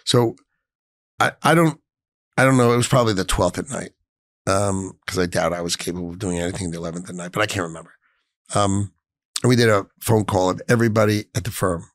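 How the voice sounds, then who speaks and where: A low, gravelly middle-aged man recounts a painful story in an interview. He goes from near-hushed to raised and emphatic. The sound is dry and close. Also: a little fast, no echo. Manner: emotional, emphatic, jumps between hushed and raised. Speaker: finance executive, interview guest.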